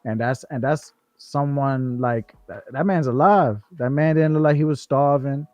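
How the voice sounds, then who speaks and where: A man's voice: medium pitch, fairly even intonation, moderate pace, a little mellow, no room sound, soft background music. A man co-hosting a livestream, talking casually in slang with swearing and frequent restarts. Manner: slangy, profane, many restarts and "bro". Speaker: co-host.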